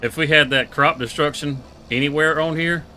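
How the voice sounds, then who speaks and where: A man's voice: fairly high pitch, fairly even intonation, moderate pace, bright, forceful tone, a little hiss or hum. A man, streaming a farming game and chatting casually with laughs and country phrasing. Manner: laid-back, laughing, drawling country talk. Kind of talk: casual live gameplay chat.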